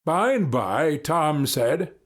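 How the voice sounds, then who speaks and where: Husky male storybook narrator. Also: fairly high pitch, takes it slowly. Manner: steady storybook reading. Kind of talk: scripted narration.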